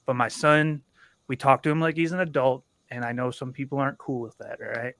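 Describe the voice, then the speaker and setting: A man's voice: mid-range voice, steady tone, fairly quick, creaky, fairly bright tone, dry recording. Blunt, swearing man, dry close sound. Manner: candid, blunt, swears freely. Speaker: panel guest, veteran and father. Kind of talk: casual livestream panel talk.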